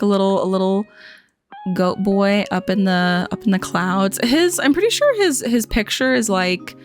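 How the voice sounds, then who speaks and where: A woman giving a casual, chatty tour of a game island, full of "like" and "um", joking playfully at the characters. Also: medium pitch. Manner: chatty, lots of "like" and "um" fillers. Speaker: gaming video host. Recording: faint music underneath.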